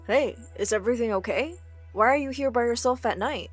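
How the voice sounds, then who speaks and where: A woman doing a gentle, friendly teenage boy. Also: fairly high pitch, fairly quick, breathy edge, faint music behind. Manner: soft, friendly and concerned.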